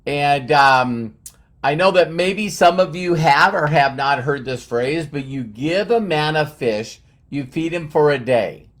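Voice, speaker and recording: A man's voice: a little high, measured pace, a bit bright. A man hosting a live stream, chatting to viewers, greeting them by name and using lots of fillers. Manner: uses many fillers and repeats words. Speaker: livestream host.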